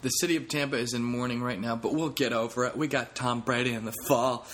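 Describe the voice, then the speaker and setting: A man's voice: mid-range voice, steady tone, quick pace, a bit bright, a little hiss or hum. A man who is a comedian, hosting a casual solo podcast in a rambling, profane way with self-mocking jokes.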